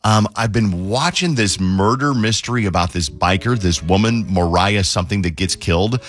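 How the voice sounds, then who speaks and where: A man's voice: fairly low pitch, normal speed. A man hosting a radio talk show, chatting casually and joking, rambling with fillers and silly voices. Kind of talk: casual on-air chat.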